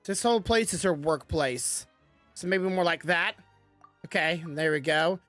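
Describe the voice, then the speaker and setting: A woman's voice: lowish voice, measured pace, fairly bright tone, faint music behind. A woman giving casual commentary while playing a game, chatty and self-mocking, stumbling as she reads the text aloud. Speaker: gaming streamer.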